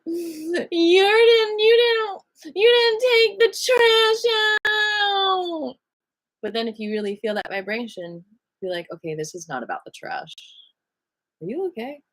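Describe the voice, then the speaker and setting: A woman leading a live online qi gong class in a chatty, animated way, giving gentle breathing cues and greeting viewers by name. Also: medium pitch. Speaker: qi gong teacher.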